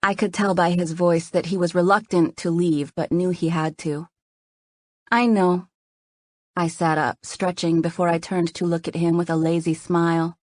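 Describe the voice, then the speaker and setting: A woman narrating a first-person romance novel in a soft, intimate reading. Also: fairly low pitch, level tone, normal speed, few pauses, no room sound. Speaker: audiobook narrator.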